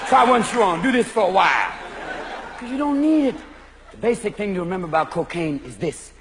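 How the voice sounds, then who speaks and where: A man doing a fast-switching stand-up comedy routine on a club stage, often shouting his bits. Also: high-pitched, sing-song, a faint crowd. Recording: live club recording with loud audience and noise. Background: audience laughter.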